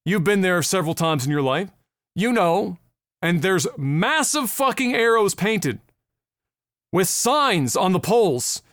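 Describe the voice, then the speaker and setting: High-voiced, foul-mouthed man ranting. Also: lively intonation, measured pace, no echo, studio quality. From Nova Scotia, Canada. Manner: profane, ranting, loud when worked up. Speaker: podcast co-host. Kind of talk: casual podcast chat.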